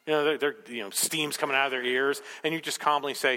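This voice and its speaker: A man preaching a sermon, emphatic and rhetorical, telling the story with animated asides. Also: mid-range voice, fast talker, in a large hall. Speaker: pastor.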